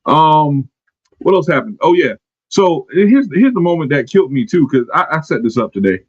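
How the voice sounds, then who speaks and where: A man hosting a wrestling podcast in casual chat, animated and laughing often. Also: a little high, normal speed, slightly rough, dry recording, muffled recording. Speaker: podcast host.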